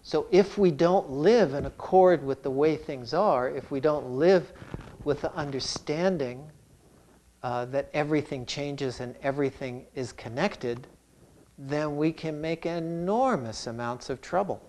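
Give me a man giving a calm Zen dharma talk, voice a bit high. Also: unhurried, slight background noise. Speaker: Zen teacher.

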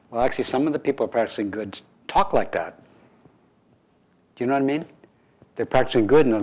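A man, a meditation teacher, giving a relaxed dharma talk to a group with playful, wry asides. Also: mid-range voice, brisk, rough recording.

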